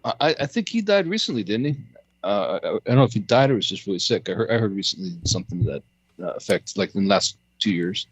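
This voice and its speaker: A man's voice: on the low side, animated, fast talker, breathy edge, no echo. A man co-hosting a podcast in casual chat, stammering and repeating words, laughing often.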